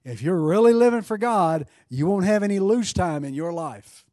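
A man's voice: sits high, expressive, moderate pace, no room sound. A male pastor preaching a sermon, asking rhetorical questions and leading altar prayer. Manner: rises to fervent, louder prayer.

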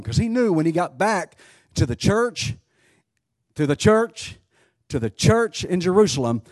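A male preacher delivers a sermon in a husky, slightly raised voice that swings widely in pitch. He talks emphatically, fires off rhetorical questions and restarts his phrases as he goes. The sound is close and dry. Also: darkish tone, dry recording.

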